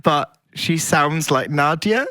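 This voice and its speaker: A man's voice: a little high, animated, takes it slowly, pushed and bright, no echo, studio quality. A man chatting as a podcast guest, giggly and theatrical, often slipping into silly voices. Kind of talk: casual chat.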